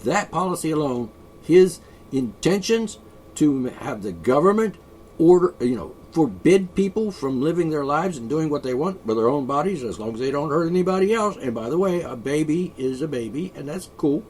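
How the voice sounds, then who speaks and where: A man's voice: on the high side, expressive, moderate pace, darkish tone, slight background noise. A man vlogging an opinionated, rambling monologue, sarcastic and sighing often. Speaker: video blogger.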